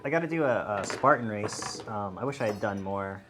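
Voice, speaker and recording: A man's voice: fairly low pitch, lively intonation, brisk, heavy background noise. A man co-hosting a stream, chatting casually and rambling with lots of fillers and restarts. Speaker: stream co-host. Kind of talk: casual chat on a charity stream.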